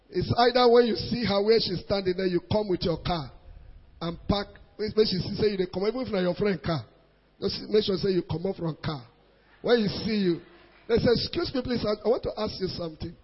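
An animated Nigerian pastor preaches a sermon to a congregation, telling stories in Nigerian Pidgin mixed with English and acting out voices. His male voice sits high, brisk with a breathy edge. The recording sounds dull and echoes through a large reverberant hall.

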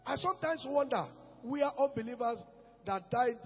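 A man preaching a fervent sermon, shouting out lines, repeating phrases and reading scripture aloud. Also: very high voice, lively intonation, moderate pace, long reverb tail, dull audio, soft background music.

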